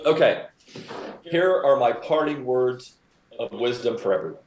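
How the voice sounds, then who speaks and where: A man's voice: mid-range voice, expressive, a little slow, a little mellow, slight background noise. A man co-hosting a casual podcast, wisecracking dryly and filling in details of a story. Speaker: podcast co-host. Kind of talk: casual chat. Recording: roomy echo.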